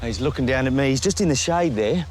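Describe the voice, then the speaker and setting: A middle-aged Australian man presenting wildlife on location outdoors, chatty and lively, often talking straight to the animal. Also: medium pitch, fast talker, slight background noise. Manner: lively, chatty, talks directly to the snake. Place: outdoors in the bush and by a road.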